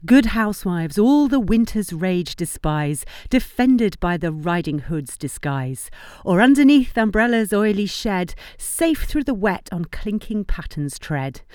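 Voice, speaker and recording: A woman reciting an old poem in a slow, measured reading. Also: mid-range voice, very animated, a little mellow, clean tone, no room sound, clean studio sound. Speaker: poetry reader. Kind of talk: poetry recitation.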